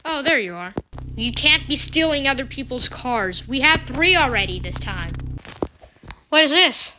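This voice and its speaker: A woman giving playful gameplay commentary, excitable, with sudden squealing exclamations. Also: high voice, measured pace, noisy background.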